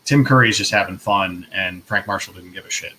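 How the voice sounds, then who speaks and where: A man's voice: low-pitched, a little fast, bright, forceful tone, slight background noise, rough recording. A man co-hosting a casual chat over a video call, speaking in a wry, self-deprecating way. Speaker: co-host.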